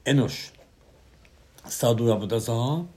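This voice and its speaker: Man giving an animated Torah sermon. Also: medium pitch, unhurried. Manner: animated storytelling with sudden loud bursts and hushed asides. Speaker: rabbi teaching Torah.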